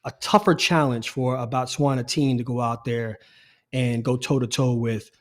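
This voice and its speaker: A middle-aged man co-hosting a casual sports podcast, animated and repeating his phrases as he talks. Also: mid-range voice, moderate pace. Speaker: podcast co-host.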